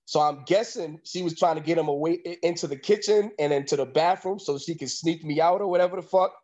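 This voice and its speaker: A man recounts a story in loose, profane slang, laughing as he goes. His voice sits a little high. The recording sounds dull and lo-fi. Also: fast, darkish tone. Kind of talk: casual storytelling.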